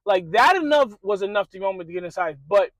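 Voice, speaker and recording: A man's voice: high voice, quick pace, dry recording, poor audio. A man hosting a motivational video, animatedly retelling a film scene with lots of fillers and acted-out quotes. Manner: animated storyteller, acts out quotes, many fillers.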